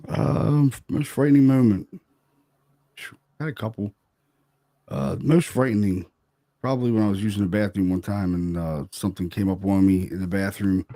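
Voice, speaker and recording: Deep-voiced man telling a ghost story. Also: moderate pace, mellow, no echo, clean studio sound. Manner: loose and chatty, full of "man" and "you know". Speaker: paranormal investigator guest. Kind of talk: casual storytelling.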